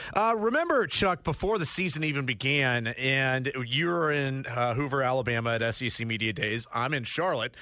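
A man co-hosting a sports talk show, telling stories and giving measured opinions. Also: medium pitch, pushed and bright, no echo. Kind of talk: conversational sports commentary.

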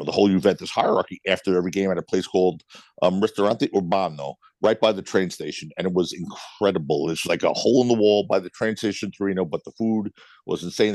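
A middle-aged man with a Brooklyn accent, a guest telling blunt, animated stories with some swearing in a casual interview. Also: low-pitched, dry recording. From United States. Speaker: guest, club owner.

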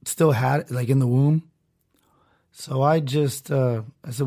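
A man's voice: medium pitch, steady tone, a little slow, warm tone. A man hosting a solo podcast, talking in a rambling, sarcastic way with many restarts and asides. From Southern California. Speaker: podcast host.

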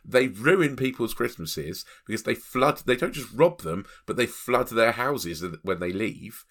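A man co-hosting a film review podcast, with a voice that swoops up and down as he gets worked up. He exclaims and laughs a lot, chatting in an easy, conversational way. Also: medium pitch. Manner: animated, exclaiming, laughs often. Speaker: podcast co-host. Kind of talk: casual film review chat.

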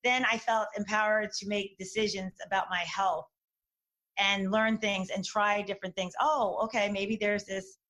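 A woman talking candidly in a casual conversation, animated, with many restarts and fillers. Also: medium pitch, normal speed.

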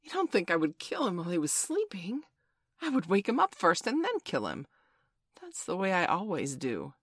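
A cocky, fearless young boy who gives orders with loud pride, as a woman reads him. He sounds lifted and forceful, with a dry, close voice. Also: low voice, measured pace, no echo. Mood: boastful. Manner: proud, commanding. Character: boastful fearless boy leader.

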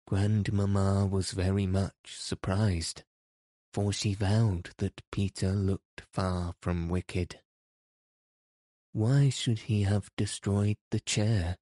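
Reading an audiobook, a man tells the story evenly and with measured care, his voice sitting low. There's no room sound, just a clean studio recording.

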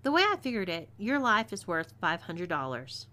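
A woman's voice: on the low side, big pitch swings, normal speed, sharp tone. Texan woman playing Layla, a scheming outlaw woman. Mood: teasing. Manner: teasing, businesslike.

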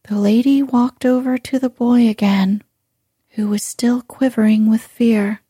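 Slow, hushed woman reading a bedtime story. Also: a little high, steady tone, no room sound, clean studio sound. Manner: slow, hushed, breathy delivery. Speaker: sleep story narrator.

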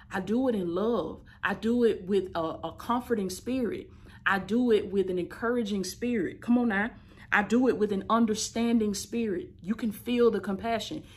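A woman in her thirties, a life coach, giving an emphatic, repetitive motivational talk with an affectionate, preachy warmth. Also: medium pitch. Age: 30s. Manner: emphatic, repetitive, preachy, affectionate, calls listeners "baby" and "y'all". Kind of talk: motivational teaching talk to camera.

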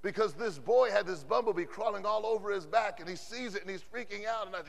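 A male pastor preaching with a very high, gravelly voice that echoes through a big hall. He keeps slipping in "amen" as he goes. He also lurches between loud outbursts and quiet asides. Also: fast talker, a crowd in the background. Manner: punctuates phrases with "amen", swings between loud and hushed. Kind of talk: preached sermon. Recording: long hall reverb from a conference sanctuary.

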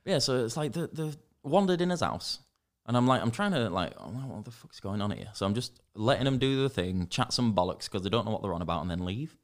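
A man's voice: mid-range voice, fairly quick, hardly any pauses. A young man with a Yorkshire accent, telling a story in casual chat, swearing a lot and acting out what people said. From Northern England. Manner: sweary, animated storytelling, acts out quotes. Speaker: podcast co-host.

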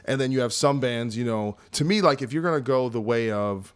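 A man's voice: mid-range voice, brisk, hardly any pauses, clear, resonant tone. A man hosting a podcast, talking loosely and rambling in a casual chat with his guest. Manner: loose, rambling, full of "you know". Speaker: podcast host.

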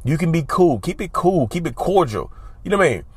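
A man's voice: on the high side, expressive, a little fast, breathy edge, no echo. Emphatic man advising viewers, dry sound. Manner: emphatic, repetitive, often says y'all. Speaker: advice vlogger. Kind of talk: casual talk to camera.

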